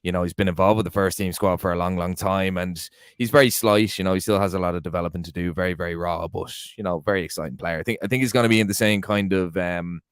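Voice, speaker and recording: A man co-hosting a casual podcast, giving measured opinions full of "you know" and repeated words. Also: deep voice, steady tone, clean tone, no room sound, studio quality. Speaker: podcast co-host.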